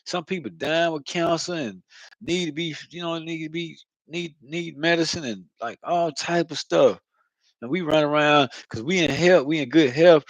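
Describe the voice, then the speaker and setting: A man's voice: on the high side, normal speed, no echo, poor audio. A man talking casually into his own vlog, rambling and profane, often asking "you know what I mean". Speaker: channel host. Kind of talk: casual spiritual vlog monologue.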